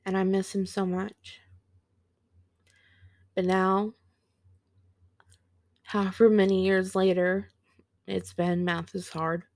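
A woman in her thirties hosting a podcast, telling a personal story in a slow, halting, reflective way and sounding teary. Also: mid-range voice, flat delivery, a little mellow, no echo. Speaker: podcast host.

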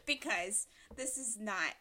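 A woman's voice: mid-range voice, animated, slow pace, sharp tone. A woman in her late twenties co-hosting a podcast, chatting casually, full of filler words and easy swearing. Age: late 20s. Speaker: podcast co-host. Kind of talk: casual chat.

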